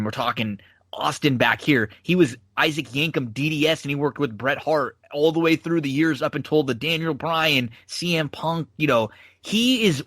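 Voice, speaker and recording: A man's voice: medium pitch, no echo. Dry-sounding man hosting a wrestling podcast. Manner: animated storytelling, recounting matches. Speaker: podcast host. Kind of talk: casual wrestling podcast chat.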